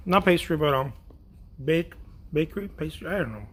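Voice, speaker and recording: A man's voice: a little high, lively intonation, moderate pace, pauses often, a bit bright, a little hiss or hum. A man chatting playfully and boastfully while he paints in his art studio, humming to himself between remarks. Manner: playful, boastful, hums and sings while working. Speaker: artist painting on a livestream. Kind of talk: casual chat while painting.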